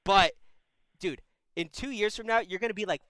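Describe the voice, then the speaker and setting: A man's voice: high-pitched, lively intonation, moderate pace, fairly bright tone, clean tone, no room sound, poor audio. A man in his twenties hosting a call-in advice stream, giving blunt, profane, brotherly advice in casual chat. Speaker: advice show host.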